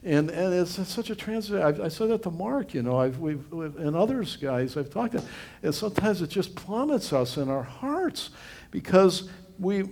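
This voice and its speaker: A man's voice: high-pitched, expressive, moderate pace, gravelly, darkish tone, slight background noise. A middle-aged male pastor giving a conversational sermon, earnest and rambling, with frequent restarts and fillers.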